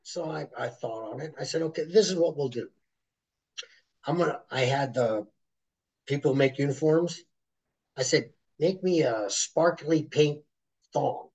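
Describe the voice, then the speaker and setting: Gravelly middle-aged man telling stories. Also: a little high, measured pace, pauses often, lo-fi sound. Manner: animated storyteller who acts out voices. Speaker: guest, former wrestler. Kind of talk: storytelling interview.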